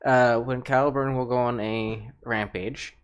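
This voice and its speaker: A man's voice: mid-range voice, fairly even intonation, unhurried, smooth, lo-fi sound. A man narrating as game master of a tabletop game, rambling with lots of fillers and laughs.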